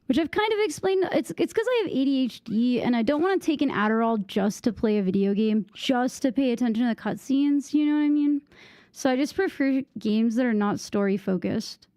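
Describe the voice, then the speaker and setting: A young woman chats casually while she plays, her thoughts wandering and her sentences full of "like." Her voice sits fairly high with a soft, mellow tone. The sound is dry and close, like a desk mic. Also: expressive, fairly quick, no room sound. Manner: rambling, distracted, filler-heavy with "like". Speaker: gaming streamer. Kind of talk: casual gameplay chat.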